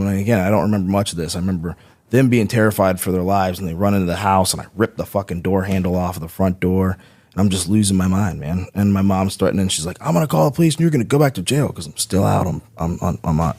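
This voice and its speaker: Man, veteran podcast guest, lowish voice, casual, rambling, profane storytelling. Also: steady tone, fast, darkish tone. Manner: profane, rambling, frequent "right?" tags.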